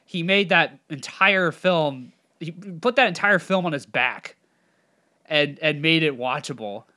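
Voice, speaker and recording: Profane, ranting man with a bright voice. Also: a little high, lively intonation, unhurried. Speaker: podcast co-host. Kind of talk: casual movie review chat.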